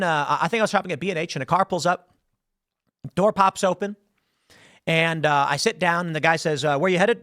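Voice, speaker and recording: A man's voice: high voice, fairly bright tone, dry recording, studio quality. A man hosting solo political commentary in a conversational storytelling way, acting out quoted people as he goes.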